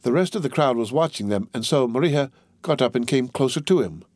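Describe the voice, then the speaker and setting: A man narrating an audiobook in a steady, measured reading. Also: mid-range voice, no echo.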